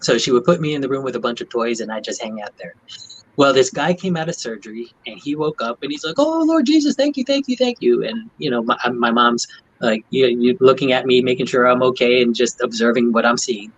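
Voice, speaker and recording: A man's voice: medium pitch, fairly even intonation, a little fast, fairly bright tone, husky, highs cut off. A man who is a doctor, talking on a video panel and telling a personal story in an earnest way. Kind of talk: video call chat.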